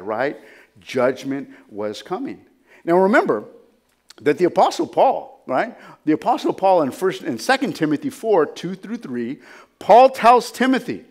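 A male pastor delivering a sermon in a high, lively voice that rises and falls sharply. He preaches emphatically and keeps pulling in his listeners with quick "right?" asides. He sounds middle-aged.

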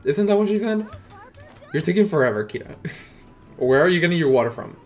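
A man's voice: a little high, animated, faint music behind. A man from Mexico with a Mexican accent, chatting casually and teasingly with viewers while streaming a game. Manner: playful, teasing banter with viewers, quick laughs, swearing. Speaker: live streamer. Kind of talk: casual gaming live-stream chat.

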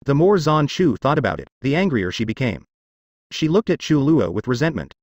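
A man narrating a fantasy webnovel as an audiobook in steady, expressive storytelling. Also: mid-range voice, a little fast, dry recording, studio quality.

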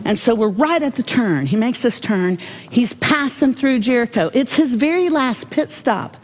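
A woman giving a devotional Bible teaching, folksy and humorous, with animated storytelling. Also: on the high side, moderate pace.

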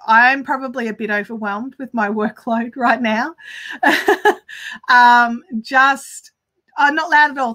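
An Australian woman chats casually through a crafting livestream in a slightly high voice. Her tone is bright and crisp, and she rambles along with ready laughter. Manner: chatty, rambling, quick to laugh.

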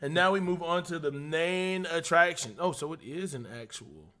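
A young man co-hosting a podcast, excitable and swearing heavily, with frequent laughter. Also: on the high side, normal speed. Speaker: podcast co-host. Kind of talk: casual chat.

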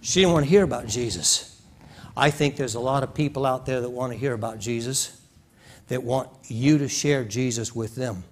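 A man's voice: mid-range voice, normal speed, a little hiss or hum. A man preaching a sermon in a church, telling a story in a folksy way and acting out its scenes. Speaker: pastor.

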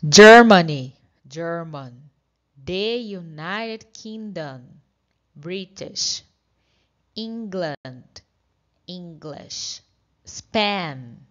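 A woman's voice: on the low side, fairly bright tone. A woman English teacher with a Brazilian Portuguese accent, leading students through repeat-after-me vocabulary drills. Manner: repeats words for students to echo. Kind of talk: classroom drill lesson. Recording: dull lo-fi recording.

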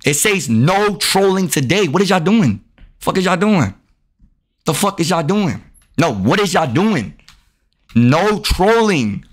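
A man live-streaming a video game, cursing and trash-talking at his chat, with sudden yelled outbursts. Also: on the high side. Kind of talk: casual live-stream commentary while gaming.

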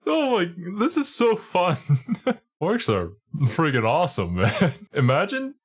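A man's voice: sits high, huge pitch swings, a little slow, husky. A man streaming a reaction video, chatting casually and laughing often in an easygoing way.

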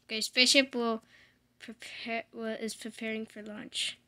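A young woman giving casual, rambling commentary while playing a video game, playful with loud excited outbursts. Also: on the high side, moderate pace. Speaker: gamer. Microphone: desk microphone.

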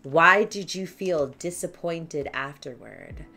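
A woman playing a tabletop storytelling game with friends, talking in an animated, gleeful and playful way. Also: lowish voice, slow. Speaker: player.

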